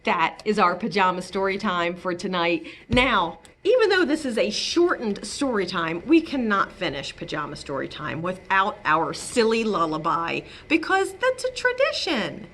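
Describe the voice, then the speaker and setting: A woman librarian hosting a bedtime story time, talking playfully and gently to children. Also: mid-range voice, huge pitch swings, moderate pace, hardly any pauses, a little hiss or hum.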